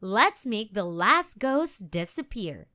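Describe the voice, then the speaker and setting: Sassy little schoolgirl in a storybook, read by a woman, eager and emphatic, unhurried. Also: mid-range voice, big pitch swings, sharp tone, full character voice.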